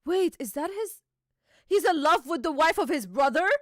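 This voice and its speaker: A woman's voice: very high voice, expressive, normal speed, no room sound, studio quality. A young woman hosting a live reaction stream, chatty and giggly, reading dialogue aloud.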